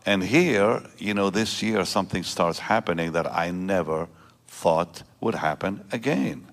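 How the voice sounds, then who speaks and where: Deep-voiced pastor in his seventies. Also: creaky. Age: 70s. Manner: emotional storytelling with halting restarts. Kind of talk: prayer and personal testimony sermon. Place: church service before a congregation.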